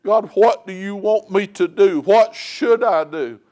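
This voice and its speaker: A man with a high, light voice preaches a sermon in a church. He talks plainly and folksily, leaning on homespun stories. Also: unhurried, a little mellow. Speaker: lay preacher. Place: church sanctuary.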